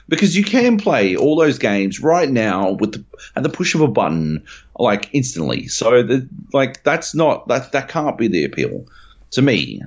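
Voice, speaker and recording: A man's voice: on the low side, wildly swooping pitch, a little slow. A man co-hosting a casual gaming podcast, rambling with lots of fillers, restarts and casual swearing. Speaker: podcast co-host. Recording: dull lo-fi podcast audio.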